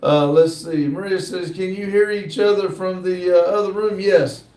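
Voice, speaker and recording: A man's voice: high-pitched, fairly even intonation, darkish tone, distant mic. Easygoing American man in a roomy space. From United States. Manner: easygoing, hesitant, frequent "uh" pauses. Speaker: livestream host. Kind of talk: casual live chat, reading viewer comments aloud. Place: workshop building near a shop area. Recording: roomy sound, voice from off the mic.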